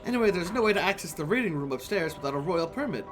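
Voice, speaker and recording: A man's voice: sits high, expressive, rapid-fire, music in the background, voice pushed up. Man doing a prim, sweet-talking woman librarian. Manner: sweet, prim, says dearie. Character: prim middle-aged woman librarian, flustered, evasive. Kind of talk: reading game dialogue aloud.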